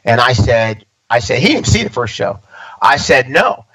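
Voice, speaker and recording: A man in his fifties, a stand-up comedian, tells a long personal story in relaxed conversation. He acts out other people's lines as he goes. His voice sits at an ordinary middle pitch for a man. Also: moderate pace, low-quality recording. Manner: animated storyteller acting out quoted dialogue.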